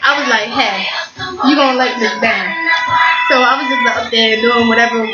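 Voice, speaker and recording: A teenage girl with a high voice rambles excitedly through a story, swearing freely as she goes. Her voice sounds roomy and a little muffled. Loud music plays behind her. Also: normal speed. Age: teens. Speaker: vlogger. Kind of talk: casual storytelling.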